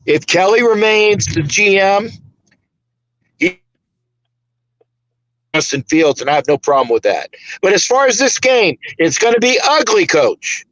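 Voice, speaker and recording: Rambling high-voiced man on a dull line. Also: very animated, a little slow, long pauses, fairly bright tone, dry recording. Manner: rambling, emphatic, profane. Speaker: podcast host. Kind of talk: casual sports podcast chat.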